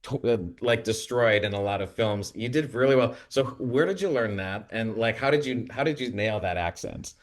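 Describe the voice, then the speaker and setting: A man's voice: mid-range voice, normal speed, few pauses. A man from North Dakota who interviews an actress, asking friendly questions and giving compliments.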